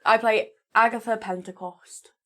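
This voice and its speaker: A woman's voice: a little high, steady tone, moderate pace, sharp tone. A woman in her twenties, a player in a tabletop game, bantering and laughing casually. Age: 20s. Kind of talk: casual chat.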